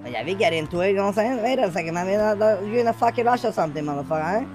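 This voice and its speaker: A man with a high voice rambles through a role-play scene in character. He swears freely and keeps cracking himself up. A faint hiss sits behind him. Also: animated, very fast. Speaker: role-play gang member.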